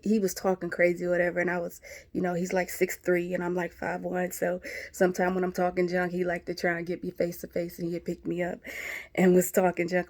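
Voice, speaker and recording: Chatty woman telling a story, mellow voice. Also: lowish voice. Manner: chatty, laughing, addresses viewers as y'all and sis. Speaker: vlogger. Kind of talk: casual storytelling to viewers.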